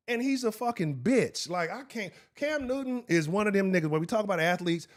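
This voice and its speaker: A man hosting a live-streamed sports talk show, heated and profane, talking straight to his chat. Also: sits high. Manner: profane, heated and animated, talks to chat directly.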